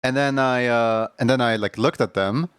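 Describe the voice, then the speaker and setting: A man's voice: mid-range voice, moderate pace, a bit bright, clean tone, no echo, clean studio sound. A young man chatting casually on a livestream, telling a rambling story full of fillers and restarts. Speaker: streamer.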